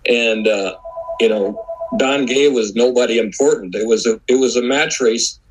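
A man's voice: mid-range voice, moderate pace, soft background music, poor audio. A man who is a guest author, talking in a rambling way with many fillers. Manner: rambling, lots of "you know" fillers. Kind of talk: casual conversation.

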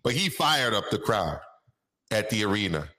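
A man's voice: fairly low pitch, very animated, normal speed, bright, forceful tone, echoey room. A man co-hosting a casual boxing talk show, stretching names out in a sing-song way for emphasis.

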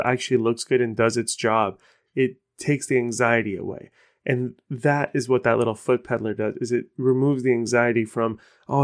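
A man hosting his own podcast, talking casually in a rambling, self-deprecating way. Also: medium pitch. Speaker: podcast host. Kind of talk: casual solo podcast talk.

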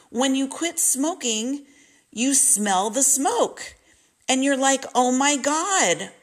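A woman's voice: medium pitch, a bit bright. A woman vlogger telling a candid personal story, talking straight to her viewers. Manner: candid, confiding, addresses viewers directly.

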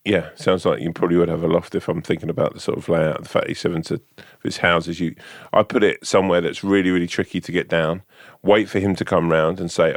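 A man's voice: deep voice, flat delivery, fast, dry recording, clean studio sound. A man co-hosting a podcast, telling long, jokey, rambling stories and swearing casually. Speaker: podcast co-host. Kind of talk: casual chat.

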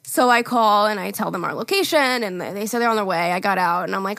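A woman's voice: mid-range voice, expressive, fast, vocal fry, fairly bright tone, no echo. A young woman co-hosting a podcast, telling a story in casual chat, acting out quotes and laughing often. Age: young adult. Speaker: podcast co-host.

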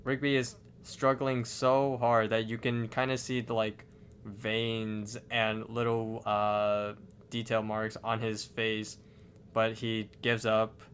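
A man describes cartoon scenes in a relaxed home podcast, pausing and restarting as he hunts for words. A faint background hiss sits under his voice. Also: lowish voice. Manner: hesitant, stumbles over words. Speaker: podcast co-host. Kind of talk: casual chat narrating cartoon scenes.

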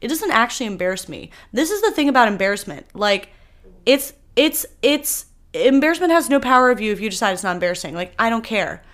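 A young woman hosting a solo podcast, talking candidly and animatedly, her voice swinging between loud bursts and soft asides. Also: fairly high pitch, very animated, fast talker. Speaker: podcast host.

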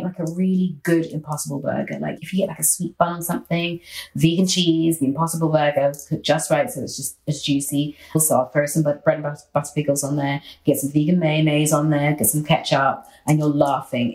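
A woman guest in a casual interview, telling stories in a playful, animated way. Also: deep voice, echoey room, poor audio.

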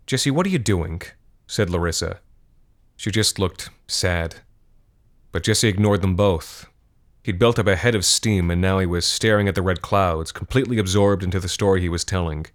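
Male narrator for dark fiction, very low voice, measured and steady delivery. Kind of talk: scripted horror fiction narration.

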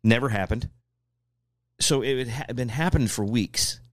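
A man's voice: mid-range voice, normal speed, no echo, clean studio sound. A middle-aged man, telling a personal story as a podcast guest and acting out what others said. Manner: animated, acts out what others said. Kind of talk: casual storytelling.

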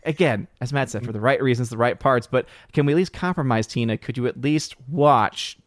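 A man's voice: medium pitch, a little fast, dry recording, studio quality. A man hosting a casual live stream who rambles, repeats himself and laughs often. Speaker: stream host.

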